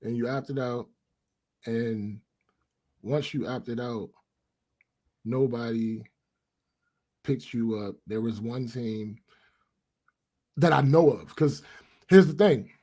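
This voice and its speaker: A man co-hosting a podcast in casual chat, thinking out loud with restarts as he lays out his reasoning. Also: medium pitch, takes it slowly, long pauses. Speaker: podcast co-host.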